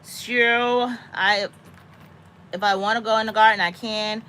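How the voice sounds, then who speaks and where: A woman in her thirties or forties, a mother talking casually with a friend, animated and dramatic, breaking into high squeaky voices when she quotes herself. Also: normal speed, slight background noise. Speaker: homesteading mom chatting with a friend. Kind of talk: casual chat.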